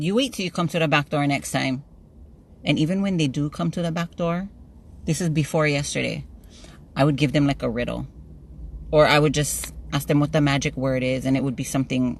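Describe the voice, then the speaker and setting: A woman's voice: extremely low pitch, slight background noise. A woman vlogger with a Hawaiian Pidgin-tinged accent spins a workplace story to her viewers. She talks casually and animatedly, slipping into voices for the people she quotes. She laughs easily as she goes. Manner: animated, laughs often, acts out dialogue. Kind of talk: chatty storytelling while getting ready.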